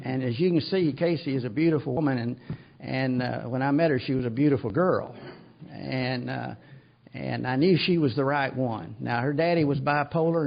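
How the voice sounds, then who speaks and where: Older man with a gravelly voice. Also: medium pitch. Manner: rambling, self-deprecating storyteller with many restarts. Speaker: AA speaker. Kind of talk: recovery talk to an audience. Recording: dull lo-fi recording.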